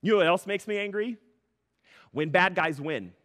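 A man preaching a sermon as a pastor, an animated storyteller who laughs through his mock outrage. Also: high-pitched, normal speed. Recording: long hall reverb.

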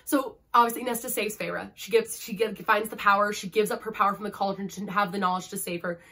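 A woman's voice: medium pitch, fairly even intonation, brisk, bright, forceful tone, a little hiss or hum. A young woman reviewing a book in a casual vlog, gushing and emotional, and peppering her talk with "like". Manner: gushing, emotional, heavy use of "like".

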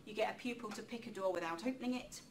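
A woman giving a public talk in a lecture room, lively and chatty, with self-deprecating asides. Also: mid-range voice, very fast. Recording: distant mic with faint room noise.

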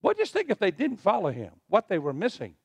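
A middle-aged man preaching in a church, his voice riding high and swinging widely in pitch. He leads the congregation to repeat phrases back to him. The sound is close and dry. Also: huge pitch swings, fairly quick, creaky, slightly rough, no room sound. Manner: preaching with call-and-response to the congregation. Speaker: pastor. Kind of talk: sermon. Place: church sanctuary.

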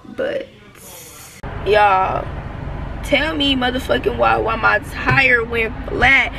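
Young female vlogger, tearful, profane, rambling, higher voice, noisy roadside phone recording. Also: takes it slowly, vocal fry, pushed and bright. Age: young adult. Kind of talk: casual vlog rant. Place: parked car by roadside.

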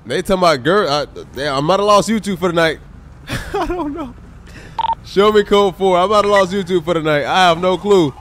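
A high-voiced man talks fast with few pauses while live-streaming a police role-play game as a state trooper. He animatedly exclaims at the game characters and chats casually with his viewers. A little hiss or hum sits in the background.

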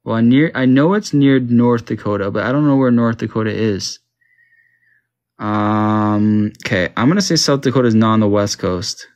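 Here a man from Canada, voice on the low side and a little mellow, keeps a moderate pace. It's casual gaming commentary: he talks to himself through a map quiz game, bewildered and joking.

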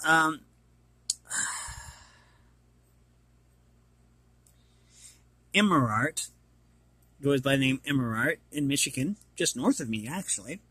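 A man's voice: mid-range voice, lively intonation, very slow, long pauses, bright, forceful tone, husky, no echo. A man casually reading an art book aloud and commenting, hesitant and apologetic as he stumbles over names.

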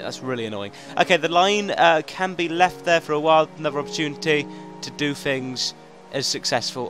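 A young man commentating a video game as he plays, chatting to himself, coaxing and easily frustrated, with sudden bursts of excitement. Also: on the high side, fast, soft background music. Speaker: gaming commentator. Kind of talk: let's play commentary.

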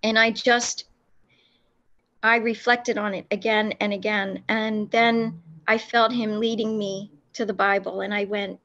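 A woman recounting a personal faith experience in an interview, speaking earnestly with many pauses and restarts. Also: medium pitch, little pitch movement, fairly bright tone, highs cut off, a little hiss or hum. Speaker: guest telling her faith testimony.

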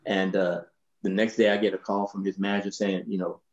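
A man in his sixties, a bass player, telling anecdotes in a relaxed, laughing way, often saying "you know". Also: a little fast, dull audio. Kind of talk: anecdotal storytelling in a panel.

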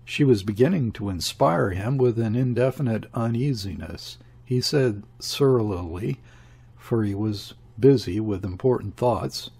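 A man narrating a classic novel in a measured, steady reading. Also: on the low side, gravelly, slightly rough. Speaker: audiobook narrator.

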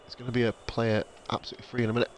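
A man commentating casually on his own football video game, excitable, swearing now and then, and chatting to viewers. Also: mid-range voice, racing, a little hiss or hum. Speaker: gaming YouTuber.

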